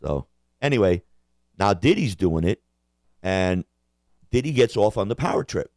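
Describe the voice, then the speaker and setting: A man with a somewhat low voice rambles through a profane, jokey rant, trading banter with a co-host. The sound is dry and close, with no room behind it. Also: lively intonation, moderate pace, darkish tone, no room sound. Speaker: podcast co-host. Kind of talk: crude casual rant.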